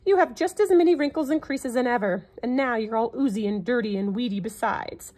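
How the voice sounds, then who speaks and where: A woman's voice: a little high, fairly quick, warm tone, lightly acted. A woman voicing a saucy, mocking male parrot who screeches and laughs at the little elephant. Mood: jeering.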